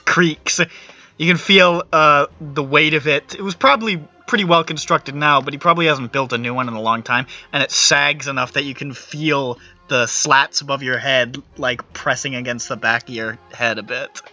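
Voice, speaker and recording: Man game master, very bright voice, casual narration, dull lo-fi audio. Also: mid-range voice, moderate pace, faint music behind. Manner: loose, casual narration with fillers.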